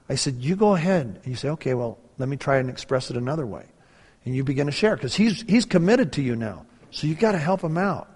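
A man in his sixties telling a story in a sermon, moving from hushed talk to loud preaching. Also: mid-range voice, animated, normal speed, gravelly, breathy edge. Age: 60s. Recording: long hall reverb.

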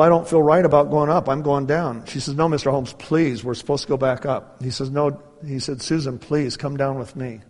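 A man preaching a sermon, earnestly retelling a survivor's story with quoted dialogue before turning to scripture. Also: on the high side. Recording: long hall reverb.

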